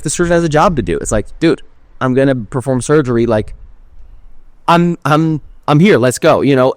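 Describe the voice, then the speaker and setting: A man's voice: mid-range voice, a little mellow, no room sound, studio quality. A young man hosting a podcast, telling a personal story in a candid, rambling way, full of "like" and casual swearing. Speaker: podcast host.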